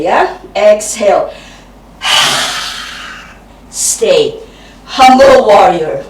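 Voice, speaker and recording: Slow-cueing yoga teacher woman in a roomy space. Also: mid-range voice, noisy background. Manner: calm short cues, breathy sighs. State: out of breath. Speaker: yoga instructor. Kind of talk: guided yoga class cues. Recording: roomy, from a distance.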